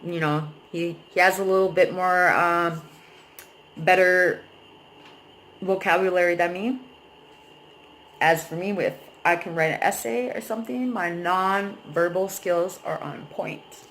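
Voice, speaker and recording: In a low-quality recording with a little hiss or hum, a young adult woman vlogs about a painful breakup, venting at length, rambling emotionally and swearing freely. Her fairly low voice is a bit slow, fairly bright and fairly even in intonation.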